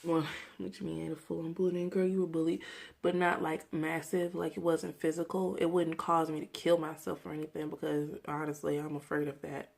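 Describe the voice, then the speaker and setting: A woman's voice: sits low, level tone, a little fast, vocal fry, darkish tone. A woman in her twenties from Mississippi, talking earnestly and reflectively to camera in a personal vlog rant. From Mississippi, USA. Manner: earnest, reflective, talks through memories candidly. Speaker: vlogger.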